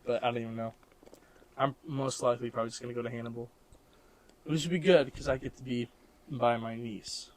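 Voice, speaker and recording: A young adult co-host from Missouri, in the American Midwest, chats on a casual podcast in a mid-range voice with fairly even intonation. He talks a little fast but pauses often, rambling with plenty of "like," restarts, and laughter.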